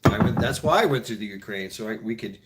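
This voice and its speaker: A man's voice: fairly low pitch, animated, fast, heavy background noise. Male host, loose profane rambling chat, laughs at his own jokes. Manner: mimics others in mock voices. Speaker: show host. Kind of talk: casual chat.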